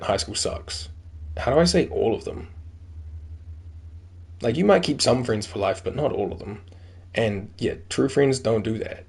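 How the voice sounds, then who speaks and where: A man's voice: medium pitch, darkish tone. Joking young man reading a game. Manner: jokey, reacts aloud and reads dialogue. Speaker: gameplay commentator. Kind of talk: casual game commentary and reading aloud.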